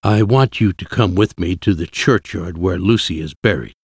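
A man doing an elderly professor who hunts vampires, speaking in a low, slow, solemn way. He sounds resolute and measured, every word weighed, as the narrator voices him, in a dry, close storybook reading. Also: lively intonation, no echo. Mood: grave.

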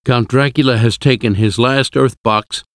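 A man voicing a grave, calm older male professor in a low, hushed tone. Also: moderate pace, smooth, no echo, clean studio sound, lightly acted.

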